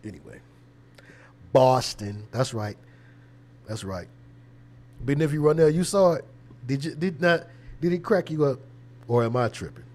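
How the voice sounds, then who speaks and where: A man's voice: on the high side, animated, moderate pace, long pauses, darkish tone. A man who is a preacher, hosting a casual livestream with conversational, preachy commentary and a habit of repeating words. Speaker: preacher and show host.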